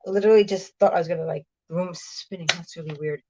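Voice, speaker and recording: A middle-aged woman chatting casually on a live stream, bubbly and warm with viewers, often laughing and greeting them by name. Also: fairly low pitch, fairly even intonation, fast talker, noisy background. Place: small room in her truck.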